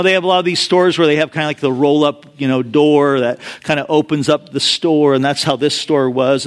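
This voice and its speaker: Male preacher, high voice, casual storyteller with asides. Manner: conversational storytelling with frequent asides. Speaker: pastor. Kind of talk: sermon.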